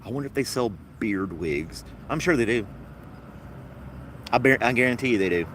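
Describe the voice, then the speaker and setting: A man's voice: mid-range voice, expressive, normal speed, fairly bright tone, slight background noise. A man hosting a casual podcast chat, rambling and wry, laughing at his own jokes. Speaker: podcast host.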